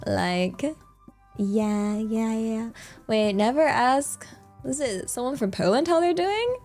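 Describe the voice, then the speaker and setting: A young woman with a British accent talks casually to her stream. She takes her time and rambles, filling her sentences with "like" and small laughs. Soft music plays faintly behind her. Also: on the high side, lively intonation, takes it slowly. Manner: rambling, full of "like" fillers, laughs often. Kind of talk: casual livestream chat.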